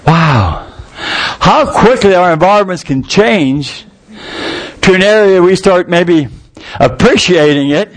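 A man preaching a sermon, telling a scripture story with lively, acted-out scenes. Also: high voice, takes it slowly. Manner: animated storytelling, acting out scenes.

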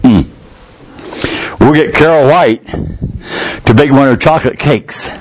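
Man putting on a deep-voiced churchgoer scheming a jailbreak, low and sly. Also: takes it slowly, a little hiss or hum, natural voice, rough recording. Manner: low, plotting. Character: scheming male church member, low and conspiratorial.

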